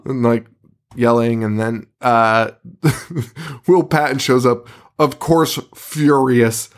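A man's voice: medium pitch, measured pace. Laughing, swearing podcast host, man. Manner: animated, swears a lot, laughs often, acts out quotes. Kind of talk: casual movie-recap chat.

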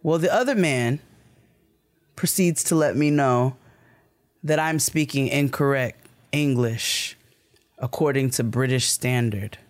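A man's voice: mid-range voice, takes it slowly, long pauses. A man from the United States co-hosting a podcast, telling a story in casual chat with lots of swearing and acted-out quoted dialogue. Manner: animated, profane storytelling that acts out quoted dialogue. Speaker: podcast co-host.

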